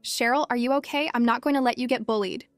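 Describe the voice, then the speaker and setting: An earnest young boy speaks eagerly, loyal to his sister. A woman voices him in a storybook recap. The voice is slightly high and dry, with faint music underneath. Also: fast talker, no echo, close to an everyday voice. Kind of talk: storybook narration.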